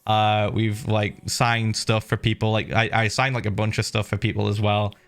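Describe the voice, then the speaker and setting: A middle-aged man streaming, casually telling viewers a story with lively laughs and the odd swear. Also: on the low side, normal speed.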